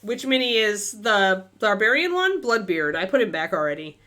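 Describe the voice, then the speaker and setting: A chatty woman with a lively, swooping voice hosts a miniature-painting stream. She thinks out loud, drifts between topics and fills pauses with ums and uhs. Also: mid-range voice. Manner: chatty, thinks aloud, many fillers, talks to her dog. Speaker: miniature painting livestream host. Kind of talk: casual chat while painting on a livestream.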